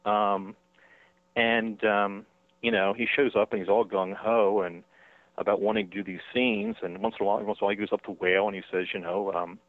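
A man, an author being interviewed by phone, talking in a halting way with many fillers and restarts. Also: on the low side, little pitch movement, no room sound. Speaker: author and guest. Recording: tinny dry phone line.

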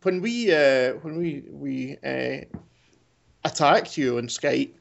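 A man's voice: medium pitch, slow pace, vocal fry, muffled recording. A man hosting a podcast, chatting casually and rambling with many fillers. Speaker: podcast host.

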